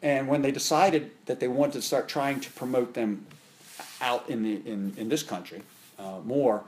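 Here a lively middle-aged man, a martial arts instructor being interviewed, tells casual stories at a moderate pace. His delivery wanders, full of fillers and fresh starts, and his pitch and volume jump when he gets worked up.

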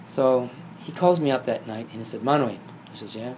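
A man telling a personal story in casual conversation, acting out the quoted dialogue with lively shifts. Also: medium pitch, fairly quick, slight background noise. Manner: animated, acts out quoted dialogue. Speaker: guest telling his story.

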